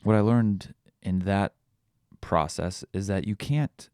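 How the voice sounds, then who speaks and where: A man in his thirties speaks slowly through a reflective, candid podcast monologue, rambling and often restarting sentences. The recording is dry and close with no room sound, catching his very low, gravelly, darkish voice.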